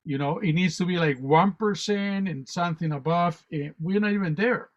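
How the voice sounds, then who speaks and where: A man with a fairly high voice talks as a radio guest, telling spiritual stories and going on about consciousness in an animated, rambling way. He often repeats words as he goes. The audio is dull and lo-fi, like an online radio stream. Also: normal speed. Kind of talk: spiritual storytelling and talk.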